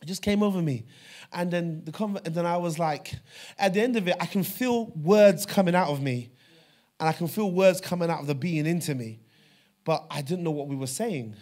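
A man preaching a sermon, telling a personal story with fervor, dropping to a hush and then rising loud. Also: on the high side, brisk. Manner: fervent storytelling, swings from hushed to loud. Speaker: pastor.

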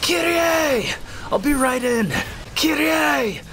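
A man voicing a young male hero who is always melodramatic and yells everything, in a parody of a game. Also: very high-pitched, expressive, slow pace, background noise, pitched above the performer's own voice, heavily acted. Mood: melodramatic yelling. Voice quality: shouting, over-the-top.

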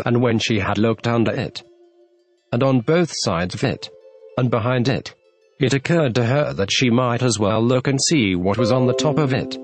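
A man narrating a classic children's story with an expressive, lively reading. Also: medium pitch. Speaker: audiobook narrator.

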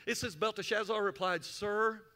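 A man's voice: high-pitched, expressive, moderate pace, sharp tone. A man preaching a sermon, reading scripture aloud and stopping often to explain it to the congregation. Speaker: pastor.

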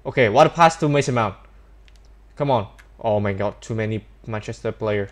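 A young man commentating his own football video game, speaking English with non-native grammar and getting loud and excited at big moments. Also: medium pitch, normal speed. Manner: excitable, yells at goals and saves. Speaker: gaming YouTuber.

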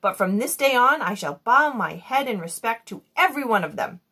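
A woman's voice: on the high side, animated, brisk, bright, forceful tone, breathy edge, heavily acted. Woman voicing a solemn, formal male genie. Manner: formal, old-fashioned speech.

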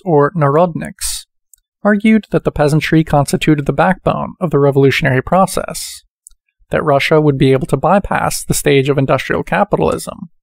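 Man reading with a gravelly edge. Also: a little high, no room sound, clean studio sound. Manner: measured, reads quotations with quote marks spoken. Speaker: audiobook reader. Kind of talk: reading a book aloud.

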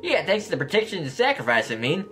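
A man with a slight lisp voicing a gruff southern male swordsman, reading game dialogue in a drawling, put-on American Southern accent. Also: high-pitched, huge pitch swings, fast, sharp tone, full character voice. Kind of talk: game dialogue read aloud.

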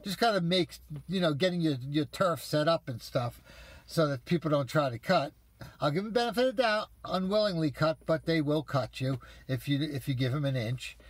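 Guy ranting to the camera, swearing a lot, kinda high voice, dry sound. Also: no room sound. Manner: profane, exasperated storytelling. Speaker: vlogger ranting to viewers. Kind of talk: casual comedic rant.

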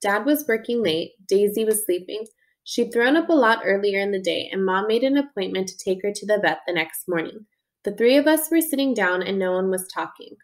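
A woman's voice: medium pitch, lively intonation, fairly quick. Woman reading a children's audiobook. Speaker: audiobook narrator. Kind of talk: first-person audiobook narration.

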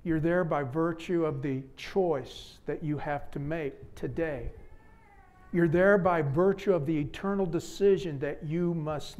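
A man preaching a sermon with a fairly high voice. His delivery is dramatic, dropping to hushed, earnest appeals and rising to loud exclamations. He speaks from a church pulpit. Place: church sanctuary.

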